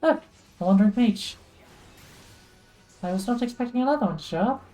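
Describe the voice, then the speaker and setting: A woman's voice: fairly high pitch, lively intonation, a little fast, mellow, soft background music. A woman streaming a game, casually narrating her moves and commenting as she plays. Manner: chatty, self-narrating.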